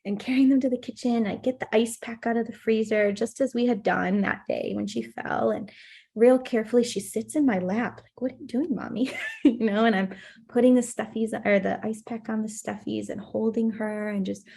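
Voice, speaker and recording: A woman's voice: a little high, moderate pace, creaky, slightly rough. A woman in her thirties, a play therapist, telling a personal story in a podcast interview, acting out the voices she quotes. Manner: animated storytelling, acts out quotes.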